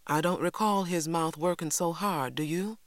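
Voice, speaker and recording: A woman voicing a firm, tired mother in an audiobook, speaking quietly with a hard, controlled edge. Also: fairly low pitch, normal speed, dry recording, clean studio sound, pitched above the performer's own voice, lightly acted. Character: firm, weary Southern mother. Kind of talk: audiobook character voice.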